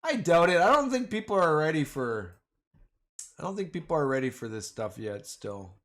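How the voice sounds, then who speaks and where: A man's voice: on the high side, very animated, normal speed, fairly bright tone. A man hosting a casual livestream, rambling and joking, often calling his viewers "man" and "boys". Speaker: livestream host.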